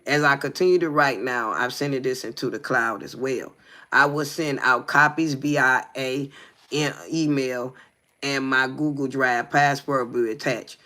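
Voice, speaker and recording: Slow-reading man with a bright voice. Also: medium pitch, steady tone. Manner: stumbling reading, frequent "you hear me" asides. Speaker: livestream co-host. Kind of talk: reading a text aloud with comments.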